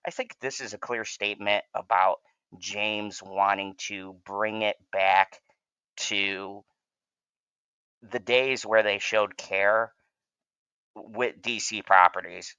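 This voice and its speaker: Low-voiced guy ranting on his fan channel, swears a lot, dull muffled mic. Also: unhurried, fairly bright tone, clean tone, no room sound. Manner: profane, heated ranting. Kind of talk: reaction commentary rant.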